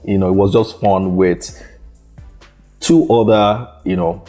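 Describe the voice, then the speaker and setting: A man with a very low, dark voice answers interview questions about building a startup. He talks in a halting way, repeating words and leaning on "you know" as he goes. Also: fairly even intonation, soft background music. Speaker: startup founder guest. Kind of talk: conversational interview.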